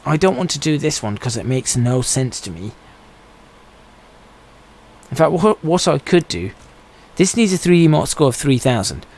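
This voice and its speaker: A man's voice: medium pitch, darkish tone, low-quality recording. A man streaming a game, giving casual commentary and musing aloud to himself as he plays. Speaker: gaming streamer.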